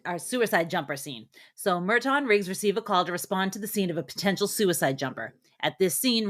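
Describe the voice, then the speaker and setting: A woman co-hosting a movie podcast, recapping the plot in a steady, plain way. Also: on the low side. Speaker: podcast co-host. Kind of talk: reading a plot summary.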